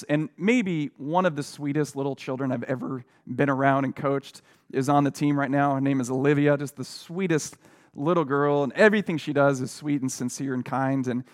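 A man's voice: on the high side, smooth. A middle-aged man preaching a sermon, telling a personal story in an earnest, conversational way with fillers and restarts. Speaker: pastor.

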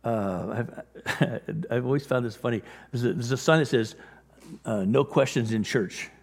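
A man preaching a sermon in a conversational way, growing animated as he acts out scripture. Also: medium pitch, moderate pace, vocal fry, husky. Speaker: pastor. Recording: long reverb of a large hall.

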